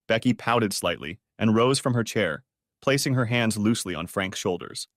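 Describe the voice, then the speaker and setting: A man narrating a story audiobook in a steady, even storytelling manner. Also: lowish voice, normal speed, no room sound, clean studio sound.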